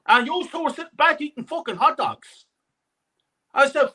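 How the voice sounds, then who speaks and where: A man's voice: extremely high pitch, lively intonation, moderate pace, pauses often, pushed and bright. A man who has travelled from Ireland, calling in with an angry, sweary rant about a match. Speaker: caller. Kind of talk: ranting fan anecdote.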